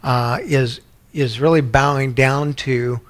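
A pastor preaching a sermon, emphatic, building to loud repeated points, then dropping quiet. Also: male voice, mid-range voice, steady tone, slow pace.

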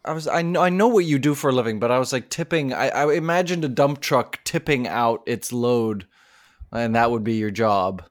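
A man's voice: medium pitch, moderate pace. Podcast cohost guy, medium voice, telling a story pretty earnestly. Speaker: podcast co-host. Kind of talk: casual chat.

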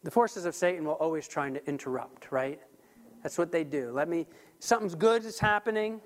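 A man preaching a sermon as pastor, talking in an animated, emphatic way with frequent restarts. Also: on the high side, moderate pace.

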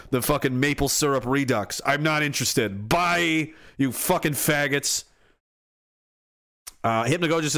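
A man from Atlantic Canada, hosting a livestream and reading chat messages. He rants with plenty of swearing, swinging between near shouting and low muttering. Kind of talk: angry ranting livestream talk.

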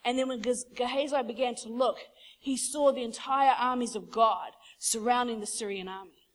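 A woman preaches a sermon with fervent conviction, her voice sitting a touch high at a moderate pace. She tells her story casually, as if chatting with the congregation.

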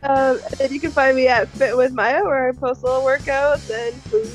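A woman's voice: high voice, moderate pace, soft background music. A young woman guesting on a podcast, chatty, giggly and self-deprecating. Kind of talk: casual podcast chat.

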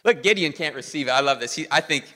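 A man preaching a sermon as pastor, animated and drawing the congregation in. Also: on the high side, fast talker, long reverb tail.

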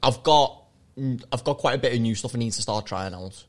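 A man's voice: mid-range voice, a little fast. A man, a comedian guest on a podcast, telling loose, self-deprecating stories. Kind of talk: casual comedy podcast chat.

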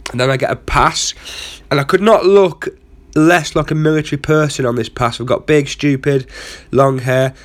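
A man's voice: fairly high pitch, moderate pace. A man hosting a comedy podcast, telling a rambling, self-mocking story full of asides. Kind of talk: comic storytelling monologue.

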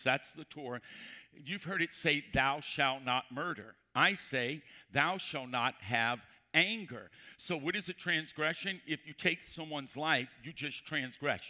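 Male pastor, sermon, emphatic, slow repeated scripture, questions to the congregation, sharp tense tone. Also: on the high side. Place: church before a congregation.

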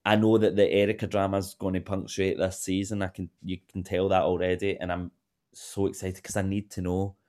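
A man co-hosting a podcast, chatting in a gossipy way with lively swings of emphasis. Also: deep voice, a little fast. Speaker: podcast co-host. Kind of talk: casual chat.

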